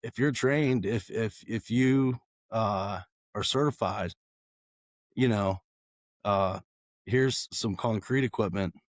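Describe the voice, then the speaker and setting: A man with a raspy, hoarse voice that sounds worn from talking all day. He speaks slowly and haltingly, full of fillers, at a fairly low pitch. The sound is dry and close. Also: no echo. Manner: halting, many fillers and restarts. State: hoarse, losing his voice. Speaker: guest. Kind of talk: casual conversation.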